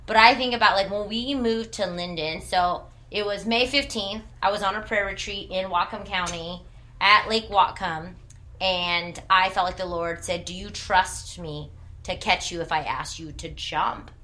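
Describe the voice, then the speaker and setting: A woman's voice: mid-range voice, fairly even intonation, measured pace, sharp tone. A woman in her thirties who worked in church ministry, telling a personal testimony with earnest storytelling and quoted dialogue.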